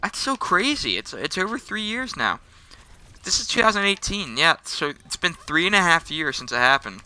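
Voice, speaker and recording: Bright, rambling young man telling a story. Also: high-pitched, very animated, smooth. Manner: rambling with many restarts and quick self-corrections. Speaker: storytelling vlogger. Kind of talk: casual storytime while gaming.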